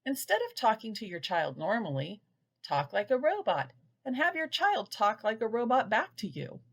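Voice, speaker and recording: Lively, gravelly woman teaching parents. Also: a little high. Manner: patient, sounds out words slowly. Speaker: early reading instructor. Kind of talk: scripted instructional narration.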